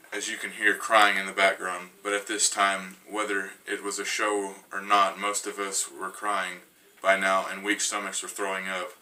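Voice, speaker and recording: A man's voice: deep voice, pushed and bright, recorded from a distance, slight background noise, poor audio. A man reading his own creepy story in the first person, stumbling and restarting on some words.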